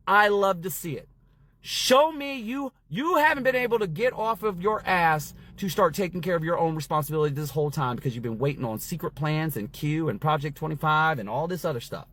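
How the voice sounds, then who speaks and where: A man's voice: fairly high pitch, expressive, fairly quick, fairly bright tone. A man ranting straight to camera on social media in a heated, sarcastic, preachy way. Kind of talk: casual rant to camera. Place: outside a store.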